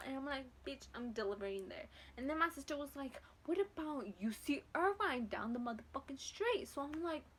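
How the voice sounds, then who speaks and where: A young adult woman with a high voice tells a long personal story in a casual vlog, animatedly acting out other people's voices, swearing freely, and mixing in Spanish. A slight hiss or hum sits under the audio.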